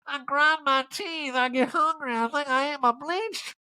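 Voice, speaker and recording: A woman doing a comic impression of a self-pitying reality-star diva with a slow, teary, whiny drawl. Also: high voice, sharp tone, voice pushed up, exaggerated voice, rough recording.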